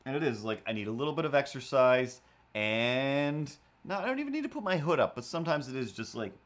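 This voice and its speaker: A man's voice: mid-range voice, fairly quick. A man in his forties casually telling an anecdote on a livestream, acting out voices as he goes. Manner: animated, acts out voices in anecdotes. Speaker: livestream host.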